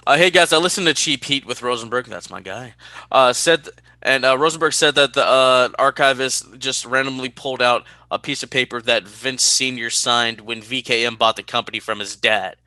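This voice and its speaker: A man from California co-hosting a casual podcast, animated and quick to laugh as he reads listener mail. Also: mid-range voice, dry recording. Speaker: podcast co-host.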